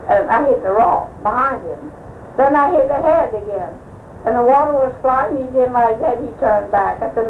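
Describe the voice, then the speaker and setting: A high-pitched older woman recalls past adventures in a loose, rambling way, putting voices to the people she quotes. The old tape has a roomy, echoing sound with a faint hiss underneath. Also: animated, normal speed, a little mellow. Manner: rambling anecdotal telling, acting out quoted speech. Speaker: oral history interviewee. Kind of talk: recounting old personal stories.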